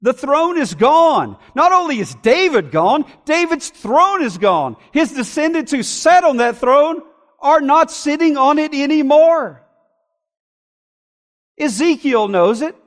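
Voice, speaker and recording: High-voiced man preaching in a hall. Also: big pitch swings, slow pace. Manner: emphatic preaching, shifting between loud declarations and quiet asides. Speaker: pastor. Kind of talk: sermon.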